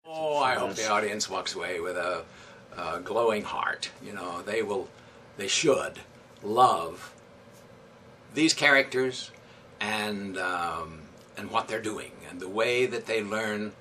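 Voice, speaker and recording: Bright-voiced man, a little off-mic. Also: lowish voice, lively intonation, takes it slowly, distant mic, slight background noise. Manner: thoughtful, with frequent fillers and restarts. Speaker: community theatre director. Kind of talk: interview answers.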